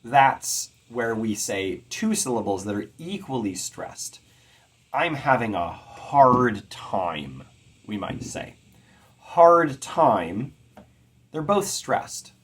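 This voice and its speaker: Earnest man lecturing on poetry, husky voice. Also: medium pitch, big pitch swings. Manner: measured, earnest, stresses words carefully. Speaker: poetry teacher. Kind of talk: lecture on poetic meter.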